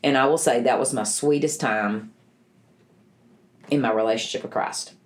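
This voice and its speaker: Her pitch is extremely low and her speed normal as she shares her own story in conversation with an interviewer. This middle-aged guest is earnest and emotional, frequently starting sentences over.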